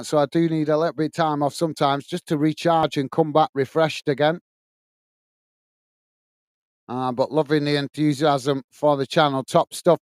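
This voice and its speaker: A man from England with a clear, resonant, fairly high voice hosts a live football watchalong, recorded in studio quality with no room sound. He keeps it chatty, calling the play and reading viewer comments aloud as the match goes on.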